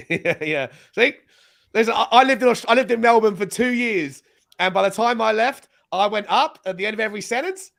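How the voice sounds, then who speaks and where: A man from Britain chats through a casual live watchalong stream. His voice sits a little high, and he rambles and restarts his sentences as he talks. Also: animated, normal speed, gravelly, a bit bright. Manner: chatty, loose, restarts sentences often. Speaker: host.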